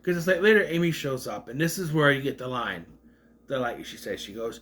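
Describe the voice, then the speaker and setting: A man's voice: medium pitch, expressive, a little fast, noisy background. A man giving a casual, rambling movie rant, with a slight stutter, acting out quotes in raised voices. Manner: mentions a stutter. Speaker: movie reviewer.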